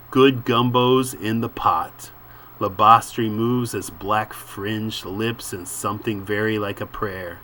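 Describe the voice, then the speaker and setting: A man reads a comic book aloud and stops to muse over the panels. He takes his time, in a lowish voice with a bright, forward edge. He often pauses on filler words. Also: a little hiss or hum. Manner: unhurried, musing, with filler words. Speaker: comic book reader and commentator. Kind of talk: reading a comic aloud with commentary.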